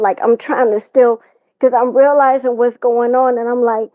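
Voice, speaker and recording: Distressed woman recounting, high mellow voice. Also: steady tone, normal speed, no echo, highs cut off. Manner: distressed storytelling, quoting others. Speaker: guest. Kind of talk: personal account on a talk show.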